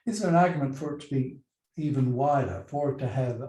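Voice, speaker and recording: A wry Australian man moderates a live panel in an easy, conversational way. His voice is mellow and dark in tone, and it echoes around a roomy event space. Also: mid-range voice, fairly quick.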